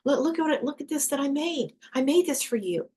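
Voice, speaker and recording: A woman voicing a small excited child who keeps begging her mom to look at what she made. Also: sits high, fairly quick, pitched above the performer's own voice. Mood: eager. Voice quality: eager, breathless pleading.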